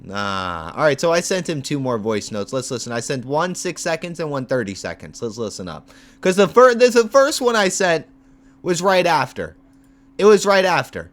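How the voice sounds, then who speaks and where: A man's voice: fairly high pitch, very animated, moderate pace. A man streaming live as an MMA content creator, telling a grievance story in a heated, profane rant. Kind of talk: livestream rant.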